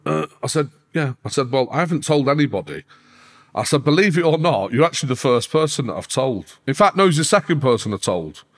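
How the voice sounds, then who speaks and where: A man, a podcast guest telling a story casually, swearing constantly and acting out quoted dialogue. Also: fairly low pitch. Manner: heavy swearing, animated retelling with quoted dialogue.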